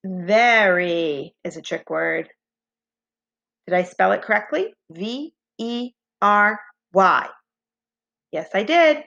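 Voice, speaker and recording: A woman's voice: mid-range voice, animated, takes it slowly, gravelly, long pauses, a bit bright. A woman teaching a phonics lesson, patient and encouraging, spelling out letters one by one. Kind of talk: slow, clearly paced phonics lesson. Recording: slightly dull lo-fi home recording.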